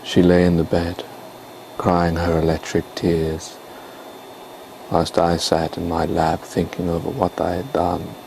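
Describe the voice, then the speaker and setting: A man reading a story in a put-on pseudo-Russian accent, voicing a remorseful male scientist in a slow, heavy delivery. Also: low-pitched, completely flat delivery, gravelly, a little mellow, a little hiss or hum, poor audio. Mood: brooding.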